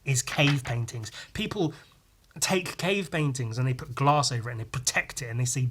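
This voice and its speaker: A man's voice: medium pitch, moderate pace, husky. A man hosting a podcast, talking in a blunt, sweary, rambling way with many restarts. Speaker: podcast host. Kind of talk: casual opinionated monologue.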